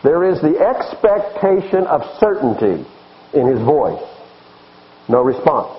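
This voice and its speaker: A man, a pastor preaching a sermon with animated, emphatic delivery. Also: a little high, measured pace, dull audio.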